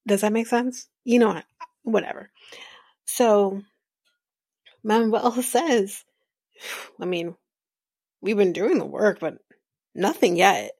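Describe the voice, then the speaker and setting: Chatty woman with a gravelly voice. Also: medium pitch, slow, pauses often, no room sound, studio quality. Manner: chatty and rambling, with fillers and soft laughs. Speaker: podcast host. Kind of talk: casual reality-show recap.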